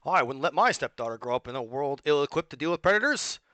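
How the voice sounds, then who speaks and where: A slick male TV ad salesman, as a man puts him on, with a high, theatrical sales pitch that booms. The sound is dry and close, with no room around it. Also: lively intonation, fast, pushed and bright, dry recording. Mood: grandiose.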